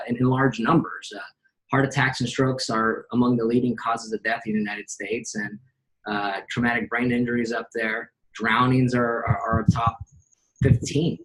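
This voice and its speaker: A man who runs a hyperbaric treatment facility, explaining it in a measured way with frequent pauses and fillers. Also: medium pitch, poor audio. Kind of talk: informative explanation.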